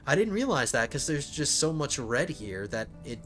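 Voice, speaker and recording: A man hosts a casual let's play of a strategy game, thinking aloud and often stumbling over his words, with soft music in the background. His voice is medium-pitched, sing-song and a bit bright, at a moderate pace.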